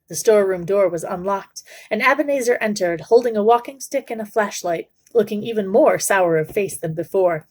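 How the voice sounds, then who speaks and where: A woman reading a children's novel aloud for a book club, in a steady, measured storytelling voice. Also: medium pitch.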